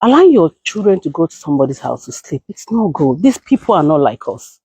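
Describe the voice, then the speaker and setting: A woman's voice: low voice, big pitch swings, quick pace, dark tone, slightly rough, dry recording. A woman with a Nigerian accent, a content creator and caregiver, giving emphatic, lecturing advice to camera and slipping into Nigerian Pidgin. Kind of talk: casual advice talk to camera.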